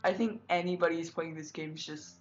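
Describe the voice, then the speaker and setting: A woman's voice: fairly low pitch, fairly even intonation, a little fast. A woman chatting casually as a co-player, making giggly asides. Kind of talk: casual chat. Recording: dull lo-fi with music behind.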